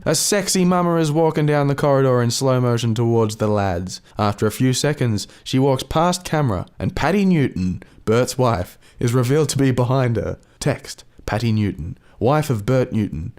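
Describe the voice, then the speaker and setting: A man with an Australian accent reading comedic script narration in a dry, deadpan way as a podcast host. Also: medium pitch, moderate pace, hardly any pauses, smooth.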